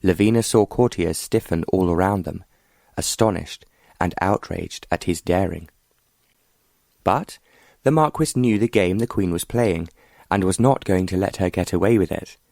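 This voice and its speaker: Deep-voiced male audiobook narrator. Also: normal speed, vocal fry, darkish tone, no room sound, studio quality. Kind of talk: scripted narration.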